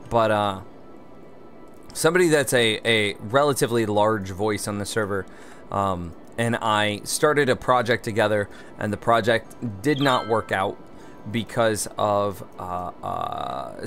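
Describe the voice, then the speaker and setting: A man streaming a city-building game who reads chat aloud and answers with dry, teasing replies. He is one beer in and a little loose. Soft game music plays faintly under his voice. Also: fairly low pitch. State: one beer in, slightly tipsy. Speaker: livestream gamer host. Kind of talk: casual livestream chat.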